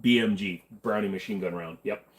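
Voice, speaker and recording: A man's voice: fairly low pitch, fairly quick. A man hosting a casual livestream chat, rambling in a laid-back way with lots of fillers. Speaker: host.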